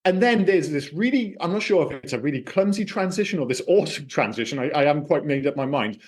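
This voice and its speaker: A man with a fairly high voice talks through a film on a podcast in a casual, animated way. He swears freely and acts out quips as he goes. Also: quick pace. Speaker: podcast co-host. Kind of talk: casual film review chat.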